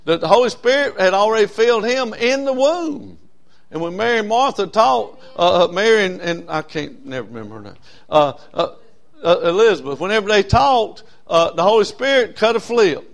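A man preaching a sermon in a folksy way, swinging between loud stressed words and soft drawn-out phrases. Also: high voice, animated, gravelly. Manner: folksy, with frequent uh fillers. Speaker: pastor.

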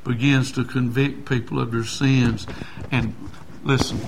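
An older man, a pastor preaching a sermon in a folksy way, with loud shouted passages and quiet asides. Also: medium pitch, flat delivery, measured pace, a little hiss or hum.

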